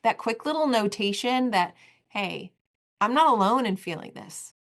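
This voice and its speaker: A woman's voice: a little high, expressive, moderate pace, fairly bright tone. A woman in her forties hosting a solo podcast, talking in an earnest, heartfelt way and repeating phrases for emphasis. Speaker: podcast host.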